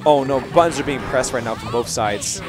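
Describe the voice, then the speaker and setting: A young man doing live, joking, profane commentary on a fighting-game match at a tournament, yelling at big plays. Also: medium pitch, moderate pace. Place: gaming tournament venue. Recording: live stream with crowd noise and music.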